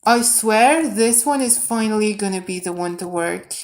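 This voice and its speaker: A woman live-streaming game mod development, thinking aloud as she works, muttering quietly and then bursting into excited shouts. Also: medium pitch, normal speed. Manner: mutters quietly while working.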